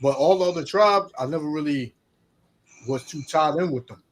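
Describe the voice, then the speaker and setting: Husky man in a rambling chat. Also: fairly high pitch, moderate pace. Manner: rambling, frequent restarts, conversational. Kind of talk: casual religious discussion.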